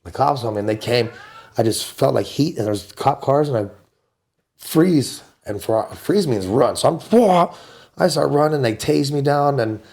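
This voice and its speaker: A man's voice: moderate pace, creaky. Laid-back slangy man in his forties. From United States. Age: 40s. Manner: animated storyteller, jumps up high for quoted voices. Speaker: podcast guest. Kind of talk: casual storytelling.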